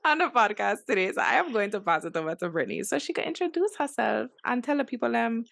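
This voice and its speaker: A woman's voice: on the high side, sing-song, fast, creaky, dry recording. A woman hosting a casual podcast, brash and joking, who swears freely. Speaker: podcast host.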